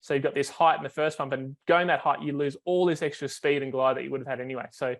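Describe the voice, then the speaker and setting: A man's voice: medium pitch, steady tone, fast. A man, a foiling coach, explains technique on a video call, step by step, with many fillers and restarts.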